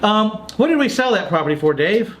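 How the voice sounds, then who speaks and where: A man's voice: sits high, a little fast, a little hiss or hum. A man hosting a podcast, telling a story in a casual chat and acting out the lines of other people. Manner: animated storyteller, quotes others' dialogue. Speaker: podcast host.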